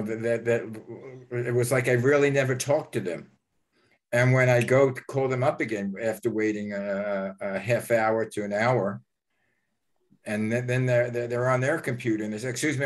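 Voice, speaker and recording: An older man hosting a casual interview, telling stories in a rambling way with many restarts. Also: mid-range voice. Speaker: host.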